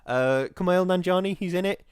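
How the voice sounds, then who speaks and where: A man co-hosting a podcast, telling self-mocking stories in casual, animated banter. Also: sits high, brisk, smooth, no room sound. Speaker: podcast co-host.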